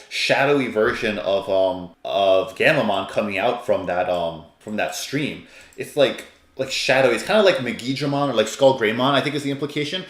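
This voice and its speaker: A man's voice: mid-range voice, echoey room. A man reviewing an anime episode in a casual, rambling, enthusiastic way, with lots of fillers.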